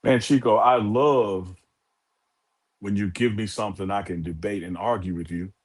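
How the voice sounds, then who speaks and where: A man's voice: steady tone, moderate pace. A man co-hosting a casual sports talk show, hyping things up with a playful, swinging delivery. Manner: hype, playful, big swings in pitch. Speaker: co-host.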